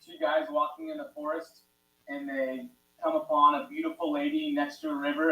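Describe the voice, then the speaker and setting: A man in an online group, casually telling a short anecdote in a relaxed way. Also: very high voice, normal speed, vocal fry, roomy sound, far from the mic, highs cut off. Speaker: group participant. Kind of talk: casual storytelling.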